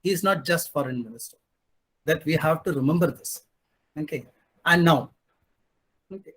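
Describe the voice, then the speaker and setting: A man's voice: a little high, normal speed, a bit bright, slightly rough. Male panelist with a slightly raised voice, pointed and wry in his delivery. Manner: emphatic, sarcastic, asks rhetorical questions. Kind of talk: panel discussion commentary.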